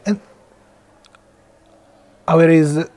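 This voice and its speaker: A man's voice: a little high, steady tone, drawn-out words, a little mellow. A man interviewing a guest, asking short questions with slightly unusual phrasing.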